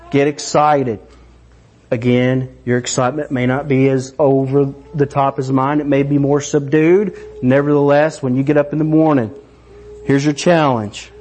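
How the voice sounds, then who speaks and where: A middle-aged man preaching a sermon, animated and excited, acting out voices. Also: medium pitch. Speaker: pastor.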